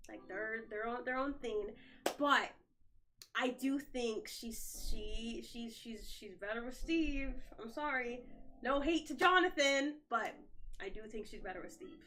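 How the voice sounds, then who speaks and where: A woman's voice: on the high side, a bit bright. A young woman in casual livestream chat from her phone at home, answering viewer comments while tidying up. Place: home, indoors.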